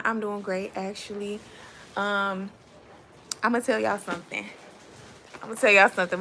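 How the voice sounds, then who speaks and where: A woman's voice: medium pitch, fairly bright tone, a little hiss or hum. A woman, hosting a casual live stream and chatting directly to her viewers. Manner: chatty, addresses viewers as y'all.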